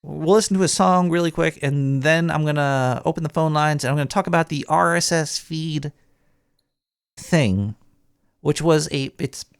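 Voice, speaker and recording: A man's voice: a little high, normal speed, creaky, clean tone, no echo, clean studio sound. A man playing a paranoid male cartoon rat who hosts a call-in radio show, rambling with lots of restarts.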